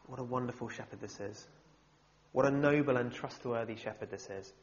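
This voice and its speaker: Humorous, animated male preacher. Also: mid-range voice, brisk. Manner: humorous and animated, with wry asides. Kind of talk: sermon. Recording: slightly dull, muffled sound.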